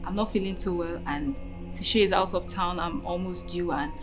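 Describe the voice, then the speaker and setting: An actress playing an anxious pregnant sister who pleads and insists. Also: female voice, lowish voice, normal speed, over music, natural voice. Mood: pleading. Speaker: worried sister. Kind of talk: film acting.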